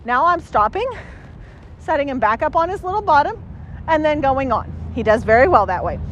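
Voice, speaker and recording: A woman's voice: high-pitched, very animated, moderate pace, highs cut off, slight background noise. Dog trainer lady talking outside, bouncy up-and-down voice, lots of happy praise. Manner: upbeat, repeated praise to a dog. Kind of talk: casual training walkthrough. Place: outdoors, cold and windy.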